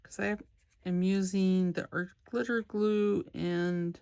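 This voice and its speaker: A woman crafting a junk journal, talking quietly and rambling to herself as she works. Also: medium pitch, steady tone, slow, creaky, clear, resonant tone, dry recording. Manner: quiet, rambling, talks to herself while working. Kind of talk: casual crafting vlog narration.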